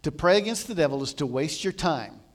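High-voiced man preaching animatedly. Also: a little fast. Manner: animated storytelling, voicing quotes with swings from loud to soft. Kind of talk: sermon retelling a story.

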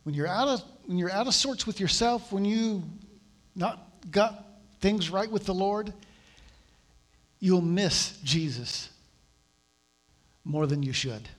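A man's voice: high voice, lively intonation, slow, pauses often. A man preaching a sermon in a conversational, storytelling way, acting out the voices of the people he quotes. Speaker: pastor.

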